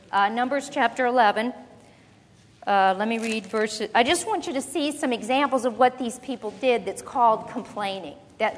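A woman preaching a sermon, teaching from the Bible in a conversational, animated way with quick asides. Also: on the high side. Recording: long reverb of a large hall.

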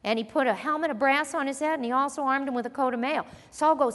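A woman preaching a sermon, animated and acting out the voices she quotes. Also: on the high side, fast, hardly any pauses, long reverb tail.

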